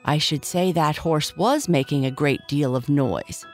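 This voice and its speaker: A woman voicing a grumpy male tin poodle dog toy with a gruff, barking delivery. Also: sits low, unhurried, a little mellow, faint music behind.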